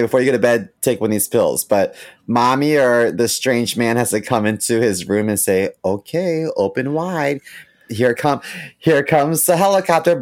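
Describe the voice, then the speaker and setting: A man's voice: mid-range voice, dry recording. A young man co-hosting a podcast, musing wryly with hesitant restarts. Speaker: podcast co-host. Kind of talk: casual chat.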